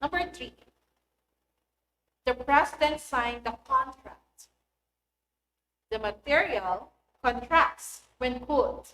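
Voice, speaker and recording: Bright-voiced woman teaching an online lesson. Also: high voice. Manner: clear, deliberate, instructive delivery. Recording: echoey room with faint noise.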